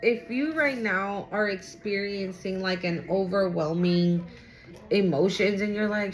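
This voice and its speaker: A woman with a medium-pitched, slightly slow voice gives a casual tarot reading to camera. She's chatty and blunt, swears freely, and talks aloud to spirit as she goes.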